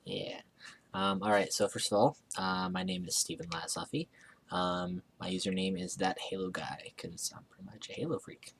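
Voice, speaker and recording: A young man from Alaska in a casual vlog, reading words aloud and talking about a book with a hesitant, relaxed manner. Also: low voice, moderate pace, gravelly. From Alaska, USA. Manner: hesitant, lots of ums and restarts, relaxed. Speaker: vlogger. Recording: faint background noise.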